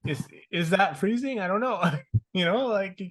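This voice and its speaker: A man's voice: sits high, lively intonation, a little slow, a bit bright. A man, a guest on a show, chatting in a laid-back way with dry humor. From Canada. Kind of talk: casual chat.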